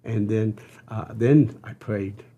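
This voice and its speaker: An older man, a podcast guest, telling an earnest personal story with halting restarts. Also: lowish voice, steady tone, warm tone. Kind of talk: storytelling interview.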